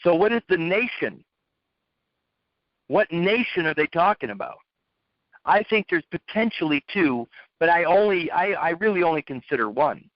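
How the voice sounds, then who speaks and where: A man's voice: a little high, no echo. A man giving a lecturing monologue, posing rhetorical questions and repeating his phrases for emphasis. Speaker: speaker. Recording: dull, dry lo-fi recording.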